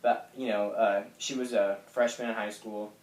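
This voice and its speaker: A young man in his late teens telling a personal story to camera, soft and halting with lots of fillers. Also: fairly low pitch, fairly even intonation. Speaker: vlogger. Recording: echoey room.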